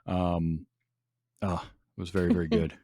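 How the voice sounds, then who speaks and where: A man's voice: low-pitched, little pitch movement, a little slow, mellow, no echo, clean studio sound. A man hosting a podcast in casual chat, enthusiastic, laughing often and restarting his sentences. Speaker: podcast host.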